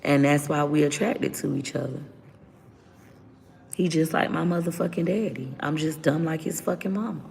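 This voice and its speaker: A woman's voice: sits low, normal speed, creaky, a little mellow, long reverb tail, a little hiss or hum. A woman around forty telling a candid personal story as a vlogger, blunt, profane and unfiltered.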